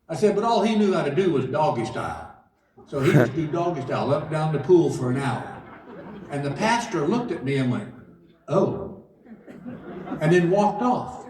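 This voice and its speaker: A man's voice: a little high, darkish tone. Folksy man doing stand-up in a roomy hall. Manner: folksy, acts out both sides of conversations. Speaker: stand-up comedian. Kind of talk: stand-up storytelling. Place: large casino theater stage. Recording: roomy live hall from far off. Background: audience laughter.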